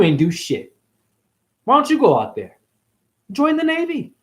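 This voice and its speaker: Angry, profane man ranting loudly. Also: a little high, huge pitch swings, normal speed, pauses often. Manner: angry, confrontational, swears constantly. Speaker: self-styled spiritual teacher.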